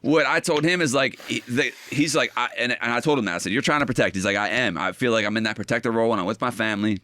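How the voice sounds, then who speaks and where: Fast, bright-voiced podcast host man. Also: medium pitch, dry recording. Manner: animated storytelling, swearing, quick restarts. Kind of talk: casual chat.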